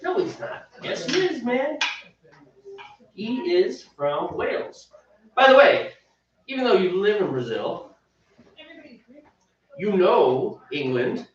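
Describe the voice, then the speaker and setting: Rambling, joking man, home-brew show co-host, lively pitch, heard from off-mic in a boomy room. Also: a little hiss or hum. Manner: rambling, joking, sings a line playfully. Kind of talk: casual chat. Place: home brewing space. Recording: echoey room, dull lo-fi sound from a distance.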